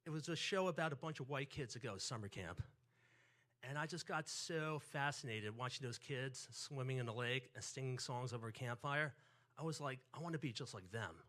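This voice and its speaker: A man's voice: mid-range voice, normal speed. A man, telling a personal story on stage and acting out family voices. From New York. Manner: animated, acts out quotes and family voices.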